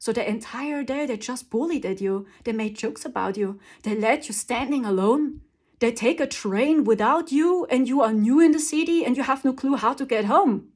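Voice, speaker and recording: A woman's voice: fairly high pitch, moderate pace, darkish tone. Emphatic woman talking spiritual advice. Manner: emphatic, repeats words for stress, laughs often. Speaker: spiritual channel host. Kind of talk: casual spiritual talk to camera.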